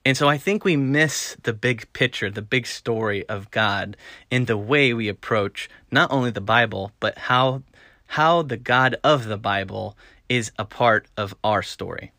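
A man preaching an earnest sermon, repeating words for emphasis and rising to loud stresses. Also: medium pitch, measured pace, dry recording, studio quality. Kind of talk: sermon-style teaching.

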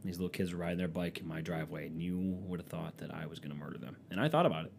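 A man's voice: low-pitched, racing, gravelly, a little mellow, a little hiss or hum. A young man with a stuffy nose from allergies, rambling through a sarcastic, profanity-laced comedic monologue. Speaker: vlogger.

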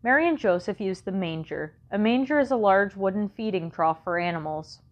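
A woman voicing a patient mother who explains slowly, a little exasperated, in an audiobook. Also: mid-range voice, animated, highs cut off, lightly acted. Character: patient mother reading scripture, mildly exasperated. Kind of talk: audiobook character voice.

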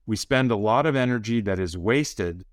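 A man, a physician guest on a podcast, explaining ideas in a calm, measured way. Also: fairly low pitch, no room sound, studio quality. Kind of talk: conversational interview.

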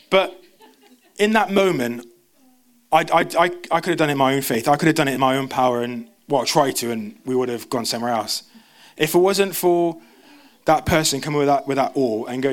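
A young man preaches to a church congregation, telling his stories with animated energy and acting out the voices of the people in them. His voice sits a little on the high side. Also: moderate pace. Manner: animated storyteller, jumps into quoted voices. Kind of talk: storytelling sermon. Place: church service.

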